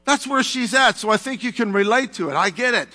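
A man's voice: extremely high pitch, lively intonation, a little fast, sharp tone, long reverb tail. A male pastor preaching a sermon in a church, talking conversationally with asides to the congregation. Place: church sanctuary.

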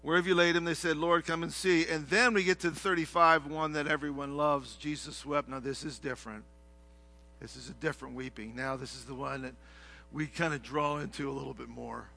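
A middle-aged male pastor with a high, very bright voice. He drops to a hush, then bursts into loud, passionate shouts as he preaches. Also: fairly even intonation, brisk, gravelly. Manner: swings from hushed to shouting. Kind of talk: sermon.

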